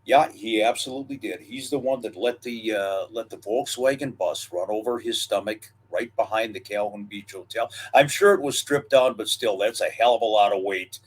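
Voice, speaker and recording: Older male podcast co-host, casual reminiscing delivery, unhurried with fillers. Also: lowish voice, breathy edge. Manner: storytelling, reminiscing, drawn-out pauses and fillers. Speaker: wrestling history podcast co-host. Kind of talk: casual historical chat.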